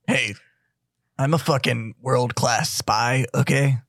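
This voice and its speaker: A man's voice: medium pitch, fairly even intonation, takes it slowly, fairly bright tone, no room sound, studio quality. A man playing a cocky male spy who gets sarcastic and defensive.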